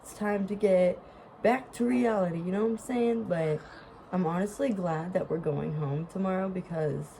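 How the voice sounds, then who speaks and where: A woman's voice: lowish voice, normal speed, vocal fry, warm tone, slight background noise, low-quality recording. A woman vlogger with a stuffed-up nose, chatting casually to her camera, apologetic and laughing often. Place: vacation lodging.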